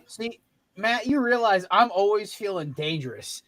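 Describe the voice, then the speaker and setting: Man, high voice, dry close sound, profane fired-up sports host, casual betting chat. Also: expressive, normal speed, a bit bright, dry recording. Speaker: podcast host.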